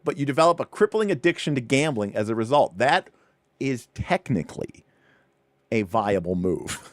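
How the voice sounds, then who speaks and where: A man hosting a livestream, casually walking through a rulebook, with animated, chatty asides and points repeated for emphasis. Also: medium pitch, dry recording. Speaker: livestream host.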